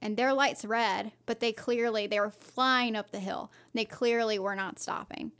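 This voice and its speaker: A woman's voice: fairly high pitch, fairly even intonation, unhurried, a bit bright. A woman casually telling a personal story on a podcast, rambling with lots of fillers and restarts. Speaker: podcast co-host.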